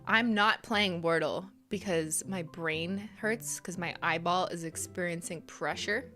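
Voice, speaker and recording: A woman's voice: mid-range voice, unhurried, hardly any pauses, sharp tone, soft background music. A woman streamer chatting casually and rambling while playing a game, laughing often.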